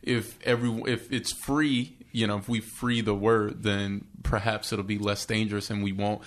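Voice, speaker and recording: A man's voice: lowish voice, level tone, normal speed. A man who is a stand-up comedian, chatting as a podcast guest and often restarting his words. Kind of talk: casual podcast chat.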